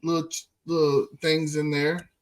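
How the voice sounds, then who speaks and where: A man hosting a casual podcast interview, asking questions in a relaxed, encouraging way. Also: on the high side, moderate pace. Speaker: podcast host.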